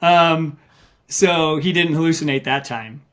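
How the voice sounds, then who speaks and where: A man's voice: a little high, a little slow, crowd noise. A middle-aged man, an ultramarathon runner and coach, telling stories in a podcast interview and acting out what people said. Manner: animated storyteller, acts out quotes.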